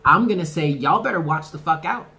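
A man giving a casual tarot reading to the camera, talking in an animated, slangy way with swearing and laughs. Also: a little high, a little fast. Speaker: tarot reader.

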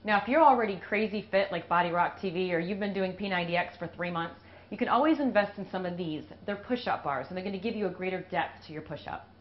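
A woman's voice: fairly low pitch, quick pace. A woman fitness instructor talking casually through a push-up demonstration, out of breath as she works. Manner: talks while doing push-ups. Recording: dull lo-fi video audio with faint hiss.

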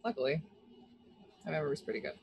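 A woman's voice: low voice, expressive, fast talker, a little mellow, a little hiss or hum, poor audio. A woman playing in a tabletop role-playing game, who describes her moves and jokes in a wry, casual way. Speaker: player.

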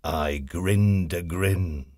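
An actor playing a cheeky, playful tickling character, telling a children's audio story in first person with a slightly husky voice and gleeful high squeals on each tickle. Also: male voice, extremely slow, a little mellow, dry recording, clean studio sound, heavily acted.

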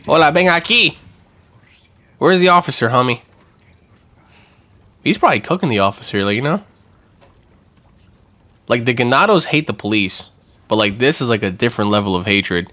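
A man hosting a gaming channel, giving excitable let's-play commentary with swearing and jumpy reactions. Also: mid-range voice, normal speed, pauses often.

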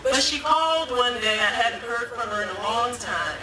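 A woman's voice: expressive, normal speed. Woman giving a testimony, echoey and distant. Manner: storytelling, acting out quoted voices with pitch jumps. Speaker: guest speaker giving a testimony. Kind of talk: personal testimony speech. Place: domestic violence awareness walk event. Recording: echoey, distant, crowd noise behind.

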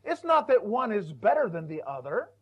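High-voiced man preaching a folksy sermon. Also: sing-song, moderate pace, slightly rough. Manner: folksy, repeats words, acts out quoted voices. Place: church. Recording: dull lo-fi church recording.

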